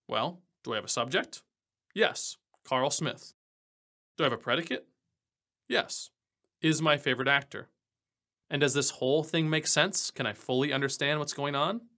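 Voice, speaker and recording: A man's voice: medium pitch, sharp tone. A man teaching an online English grammar lesson, patiently asking questions and repeating the key rules.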